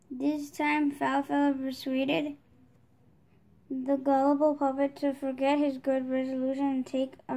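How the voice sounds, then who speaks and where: A woman reading a children's storybook aloud, steady, with small restarts. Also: high-pitched. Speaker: storybook reader.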